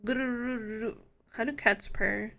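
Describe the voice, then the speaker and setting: Slow-talking woman streamer, kinda high voice, giggly, swears a lot, just chatting. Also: steady tone, vocal fry, sharp tone. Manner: giggly, playful, swears freely. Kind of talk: casual live-stream chat.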